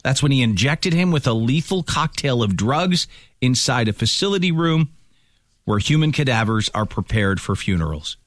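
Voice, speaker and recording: A man hosting a radio show, recapping a news story and bantering, quick to laugh. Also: mid-range voice, no echo, clean studio sound. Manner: animated, laughs easily. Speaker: radio host.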